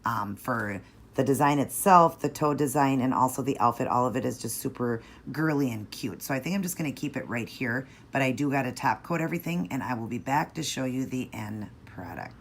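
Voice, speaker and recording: A woman calmly talking viewers through a nail art tutorial step by step, in a patient, instructive way. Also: fairly quick, a little hiss or hum. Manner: patient, instructive, low-key.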